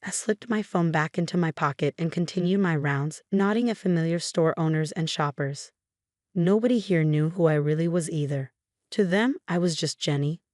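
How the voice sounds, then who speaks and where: A woman reading a first-person family drama story in a calm, even narration. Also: deep voice, dry recording, studio quality.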